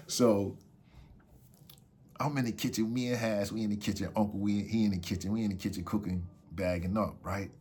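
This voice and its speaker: Brief: husky male storyteller, lively up-and-down delivery, casual street talk. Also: lowish voice. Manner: animated, acts out quotes in raised voices.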